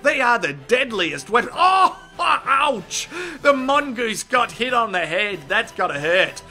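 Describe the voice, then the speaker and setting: A man's voice: high voice, expressive, normal speed, sharp tone. A man giving a crude, profane comic voice-over, mocking the footage in the style of a sports commentator. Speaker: comedy narrator.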